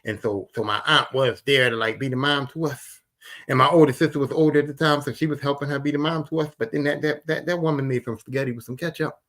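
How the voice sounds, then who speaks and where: Bright-voiced man telling stories. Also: mid-range voice, fast talker. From Philadelphia. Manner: animated, repetitive, emphatic retelling. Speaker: podcast host. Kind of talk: casual storytelling.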